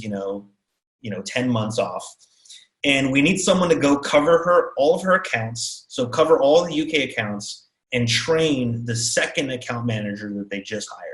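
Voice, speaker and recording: Animated storytelling man in echoey room. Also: mid-range voice, normal speed. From Texas, USA. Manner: animated, acts out quotes of others. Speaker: keynote speaker. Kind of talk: storytelling talk.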